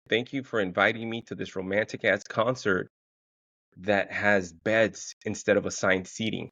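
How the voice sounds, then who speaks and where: Socal dude in his 30s, deep-ish voice, rambling sweary story, muffled lo-fi sound. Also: normal speed, gravelly, no room sound. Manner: profane storytelling, quoting himself in a raised, excited voice. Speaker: podcast host. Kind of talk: casual solo monologue.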